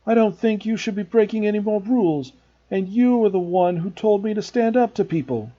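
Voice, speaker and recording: A man voicing an anxious but stubborn schoolboy who talks in a slow, halting, insistent way. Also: high-pitched, mellow, lo-fi sound, pitched above the performer's own voice. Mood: defiant. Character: anxious stubborn schoolboy standing his ground.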